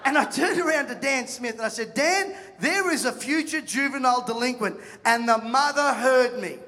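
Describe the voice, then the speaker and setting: A man preaches to a congregation, telling stories and acting out the people in them. His voice sits very high and rings bright and forceful. A long reverb from the hall trails his words. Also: moderate pace, slight background noise. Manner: animated storytelling, acts out voices, jokes with the crowd. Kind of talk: sermon.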